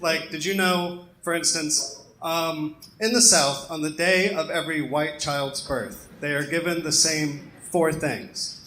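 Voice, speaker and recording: A man's voice: fairly high pitch, fairly even intonation, a little slow, pushed and bright, a little hiss or hum. A young man from the American South doing a self-deprecating stand-up set on a comedy club stage, with lots of ums. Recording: echoey club room with crowd laughter.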